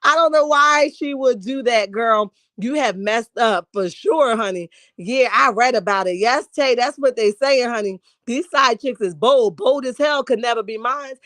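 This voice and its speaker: A woman's voice: fairly high pitch, a little slow, hardly any pauses, fairly bright tone, dry recording. A woman hosting a casual livestream, reacting with sass and reading out viewer comments as she talks. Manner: sassy, reads viewer comments aloud and reacts. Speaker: livestream host. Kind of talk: casual live-chat commentary.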